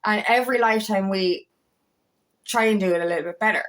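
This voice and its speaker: A young woman, a coach talking excitedly and rambling, swearing freely as she speaks to camera. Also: mid-range voice, fast. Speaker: empowerment coach. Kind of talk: casual talking-to-camera monologue.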